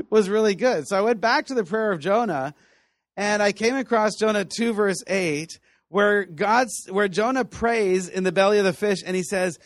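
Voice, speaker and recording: Animated high-voiced male Bible teacher. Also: no echo, studio quality. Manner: animated storytelling, acting out voices with laughs. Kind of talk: lively teaching talk to students.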